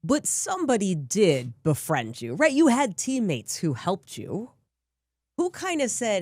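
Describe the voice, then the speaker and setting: A woman's voice: mid-range voice, huge pitch swings, measured pace, darkish tone, dry recording, clean studio sound. A woman hosting an interview, asking conversational, leading questions. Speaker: host.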